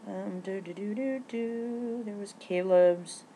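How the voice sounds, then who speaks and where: A woman vlogging casually, rambling with many restarts and fillers, breaking into excitable bursts and swearing now and then. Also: mid-range voice, takes it slowly, slight background noise.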